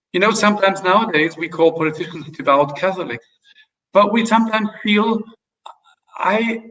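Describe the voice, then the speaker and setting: Guest, male, a little high voice, hesitant storyteller with fillers; recorded far from a dull mic. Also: a bit bright. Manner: hesitant, many fillers and restarts. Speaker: interview guest, ambassador. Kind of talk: casual interview storytelling. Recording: distant, dull lo-fi sound.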